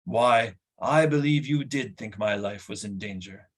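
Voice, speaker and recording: A man voicing Gwydion, a stern and noble war leader who speaks in a measured, formal way, in an audiobook. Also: lowish voice. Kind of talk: audiobook character voice.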